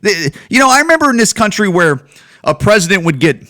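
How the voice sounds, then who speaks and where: A man's voice: high voice, big pitch swings, brisk, sharp tone. A man hosting a solo podcast, ranting in heated, profane commentary full of restarts and repeated words. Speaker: podcast host.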